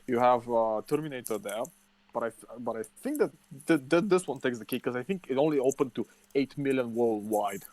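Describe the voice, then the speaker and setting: A man's voice: mid-range voice, fairly quick, no room sound. Young man, podcast co-host, casual rant, heavy swearing, dry mic. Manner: swears constantly, ranting and animated. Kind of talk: casual chat.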